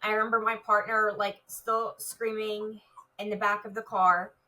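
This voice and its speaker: Bright-voiced woman telling her story. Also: medium pitch, flat delivery, normal speed, recorded from a distance, rough recording. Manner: vivid retelling with many "like" fillers. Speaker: retired police officer, guest. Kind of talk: personal story in an interview.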